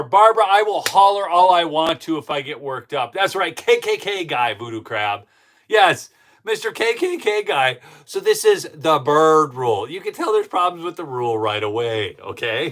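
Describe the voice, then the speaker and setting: Worked-up, high-voiced male political host. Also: pushed and bright. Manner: heated and indignant, talks to the chat. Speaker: political commentary show host. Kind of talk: live-streamed political commentary.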